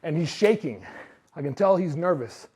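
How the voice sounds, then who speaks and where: A man giving a motivational talk to a live audience, telling his story in an animated way and acting out what others said. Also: on the high side, moderate pace, husky. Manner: animated storyteller who acts out quotes. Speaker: speaker.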